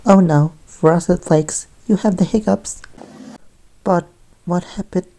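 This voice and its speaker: A woman reading cartoon dub lines in a flat, slow way as an amateur voice actor. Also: lowish voice.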